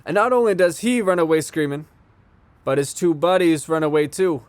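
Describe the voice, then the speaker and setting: A man's voice: fairly high pitch, expressive, normal speed, dry recording, lightly acted. A man performing a theatrical monologue as a bartender who tells a wry, reflective story from his childhood. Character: bartender recalling a childhood fistfight.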